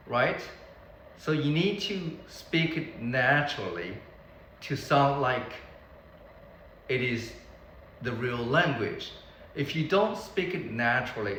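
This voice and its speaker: A man teaching beginners Mandarin, repeating each word slowly so learners can copy it. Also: mid-range voice, a bit bright, reverberant, a little hiss or hum, rough recording. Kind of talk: beginner language lesson.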